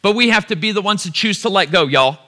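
A man preaches a sermon, speaking to his listeners as "y'all". His voice sits high for a man and rings very bright and forceful. He drives points home by repeating short phrases. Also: lively intonation, fast talker. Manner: addresses the crowd as "y'all", builds to emphatic repeated lines.

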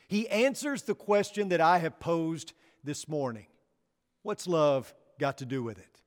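A man preaches in a sanctuary with a long, ringing reverb. His voice sits fairly high, and he keeps asking his listeners questions, then lets the answers fall quiet and low. His delivery is an unhurried sermon. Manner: rhetorical questions, drops low and soft on key words. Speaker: pastor. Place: church sanctuary. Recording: long reverb of a church hall.

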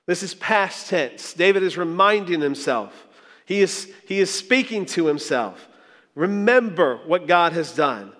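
A man's voice: on the high side, a bit bright. A man preaching a sermon as a pastor, earnest and reflective, telling stories with small restarts. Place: church sanctuary. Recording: long hall reverb.

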